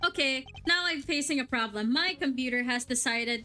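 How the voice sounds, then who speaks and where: A young woman livestreaming a game, chatting excitedly and swearing casually at her gear. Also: sits high, normal speed, soft background music. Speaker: VTuber streamer.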